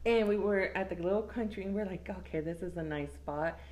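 A young woman, telling a crude story in casual chat, animated and laughing often. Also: lowish voice, brisk. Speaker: storyteller guest.

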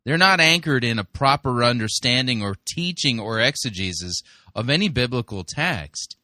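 A man delivering pointed, critical commentary on a sermon he has just played. His voice is bright and edgy and swings widely in pitch, and the sound is close and dry. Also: lively intonation, normal speed, no echo. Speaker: host reviewing sermons.

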